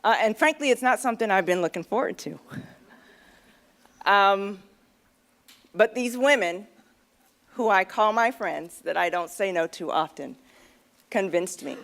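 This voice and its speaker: A middle-aged woman shares a frank, self-deprecating personal story at a convention luncheon, speaking into a podium microphone in a chatty way with lots of fillers. Her medium-pitched voice is creaky yet fairly bright, measured in pace, with frequent pauses.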